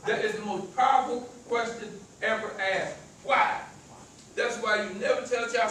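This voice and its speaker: An extremely high, slightly bright male voice at normal speed carries a motivational talk to a live audience. The speaker has a rural American country accent and stutters, stammering over repeated words. He's far from the mic in a very echoey event room, and a little hiss or hum is audible.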